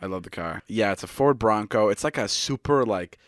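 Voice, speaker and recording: A man's voice: fairly low pitch, lively intonation, normal speed, fairly bright tone, no echo, clean studio sound. A young man in his twenties co-hosting a podcast, rambling through stories with frequent laughs and casual swearing. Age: 20s. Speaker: podcast co-host. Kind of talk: casual chat.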